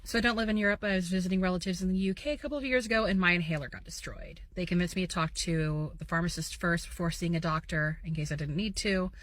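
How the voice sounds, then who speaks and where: A woman with a somewhat low voice tells a personal story, wry and expressive. Faint background noise sits under her voice. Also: fast talker, hardly any pauses. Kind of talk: storytime clip.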